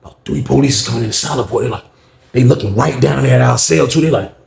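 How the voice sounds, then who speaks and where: A man's voice: medium pitch, fast talker, vocal fry, darkish tone, echoey room. A man telling a casual storytime, slangy and talking to viewers while acting out the scenes.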